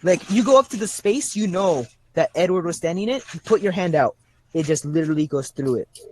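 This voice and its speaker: A young man with a fairly high voice runs a tabletop game, describing scenes in a halting way, full of little restarts. He stops often to rephrase. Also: expressive. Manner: halting, many restarts and fillers. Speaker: game master.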